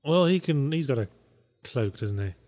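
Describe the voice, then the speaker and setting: A man's voice: mid-range voice, animated, normal speed, a little mellow. A man trading easygoing chat as a co-host. His humour is dry and sardonic. He often sounds mock-gloomy and unimpressed. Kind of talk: casual chat.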